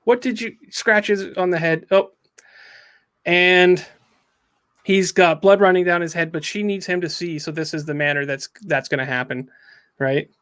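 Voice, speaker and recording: A man's voice: sits high, steady tone, unhurried, pauses often, a bit bright, clear, resonant tone. A man hosting a casual review chat, recapping a story with frequent ums and acting out the quotes. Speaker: comic book reviewer.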